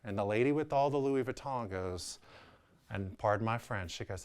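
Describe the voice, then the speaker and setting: Speaking at a moderate pace in a clean, somewhat low voice, a New Orleans man in his thirties who works in real estate candidly recounts something from his own life. He's animated, voicing the people in the story as he quotes them.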